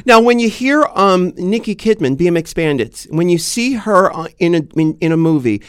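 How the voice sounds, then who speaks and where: A man's voice: high-pitched, lively intonation, normal speed, clean tone, dry recording, clean studio sound. A man from San Diego co-hosting a podcast, chatting in a playful, teasing, campy way. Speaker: podcast co-host. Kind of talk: casual chat.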